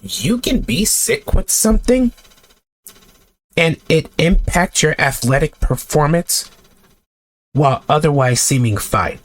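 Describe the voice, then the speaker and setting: A man's voice: fairly high pitch, expressive, slow, pauses often, no echo. A man delivering a heated sports rant to camera, exasperated and sarcastic, with blunt outbursts. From United States. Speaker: sports vlogger.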